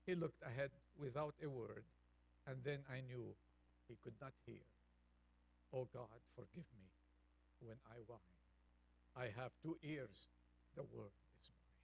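A man preaching a Thanksgiving sermon, reading a poem aloud softly and then building up with rising intensity. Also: mid-range voice, a little slow, gravelly, long pauses, husky.

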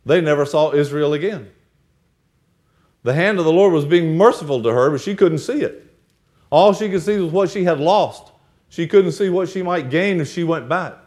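Preacher guy walking through a bible story, kinda high voice, storytelling mode. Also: moderate pace, a little mellow. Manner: storytelling, acts out the characters' lines. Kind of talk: sermon.

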